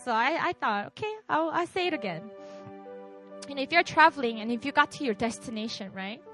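A woman preaching at a retreat, lively and animated, checking in with the crowd with quick asides and acting out little scenes. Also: high voice. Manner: acts out voices in her illustrations. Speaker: retreat speaker. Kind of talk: sermon.

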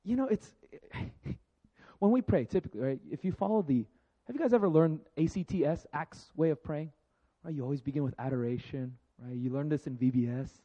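A man's voice: on the high side, dark tone, husky, dull audio. A man preaching a conversational sermon, laughing often and acting out the voices he quotes. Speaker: pastor.

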